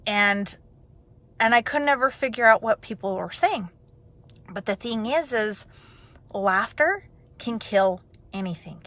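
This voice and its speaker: A woman telling a personal story in a chatty, animated way, then turning it into an encouraging message. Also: medium pitch, a little slow, long pauses. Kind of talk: personal storytelling and motivational talk.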